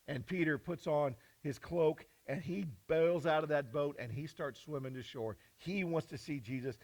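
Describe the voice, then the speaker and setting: A man preaching a sermon as pastor, retelling scripture as a story and swinging from hushed, low lines to loud, high ones. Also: rough recording.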